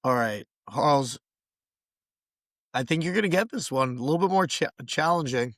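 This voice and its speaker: A man hosting a casual podcast, quizzing his co-host in a flat, monotone way. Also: medium pitch, normal speed, no echo, clean studio sound. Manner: self-described monotone, playful quizzing. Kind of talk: casual chat.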